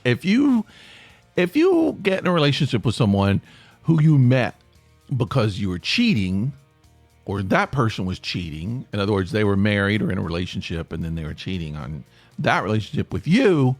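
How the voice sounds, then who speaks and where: Recorded with no echo, a man with a fairly low voice hosts a solo podcast from his home near Atlanta. He rambles casually and chattily, often cutting himself off mid-sentence and starting again.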